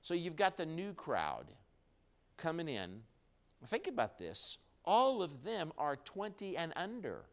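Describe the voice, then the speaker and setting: A male pastor delivering a live sermon in a church, dropping low and quiet, then building to loud emphatic peaks. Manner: preaching with wide swings in loudness, low and quiet then rising strongly. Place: church sanctuary, recorded live.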